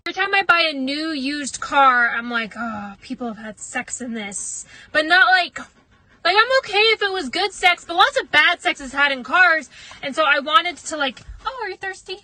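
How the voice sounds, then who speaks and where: A woman's voice: very high-pitched, moderate pace, bright, forceful tone, dry recording, rough recording. A woman telling rambling, self-deprecating comic stories in a casual storytime monologue. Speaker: comedic storyteller.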